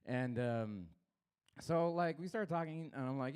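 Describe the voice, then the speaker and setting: A man's voice: a little slow, clean tone. Brash, crude young male stand-up comic. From Los Angeles. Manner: crude, crowd-baiting, loud swings in pitch. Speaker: stand-up comedian. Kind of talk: stand-up set at an open mic.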